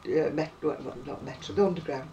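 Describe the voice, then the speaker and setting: This crochet vlogger is an older woman with a northern English accent, a chatty storyteller who laughs a lot. She speaks fairly quickly in a deep, mellow voice. The recording sounds muffled, from a distant mic with faint noise.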